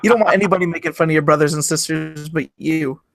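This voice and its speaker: A young man talks fast in a slightly high voice, teasing his co-host and laying down firm opinions. His voice is close and dry on the mic. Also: steady tone, creaky, fairly bright tone, no echo. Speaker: podcast co-host. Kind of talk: casual chat.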